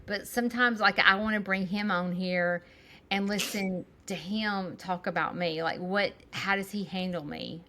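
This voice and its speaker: A woman in her thirties co-hosting a casual podcast over a video call. Her voice is bright and forward, and she talks in animated, rambling bursts, laughing as she goes. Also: mid-range voice, measured pace, a little hiss or hum. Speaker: podcast co-host. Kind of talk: casual chat.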